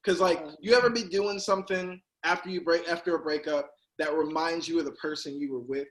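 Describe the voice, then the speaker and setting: A man doing a stand-up comedy set over a video call, animated and bursting into loud character voices. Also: fairly high pitch, fairly quick, low-quality recording.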